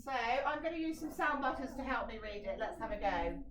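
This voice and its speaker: A woman teaching a phonics lesson to young children, sounding out words slowly and praising them. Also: on the high side, animated, noisy background. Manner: encouraging, sounds out words syllable by syllable. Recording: echoey room, voice a little far from the mic.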